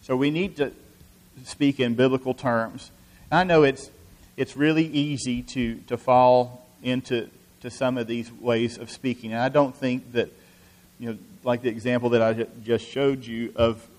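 Guy preaching a sermon, earnest, lots of you-knows and restarts, mid-pitched voice. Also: steady tone, unhurried, darkish tone. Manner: earnest, many restarts and "you know" fillers.

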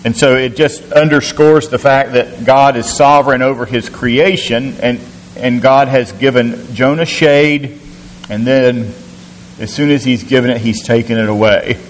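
A man's voice: mid-range voice, measured pace. A man preaching a sermon, teaching through a scripture passage with rhetorical questions and frequent restarts. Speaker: pastor. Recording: echoey hall, faint hiss.

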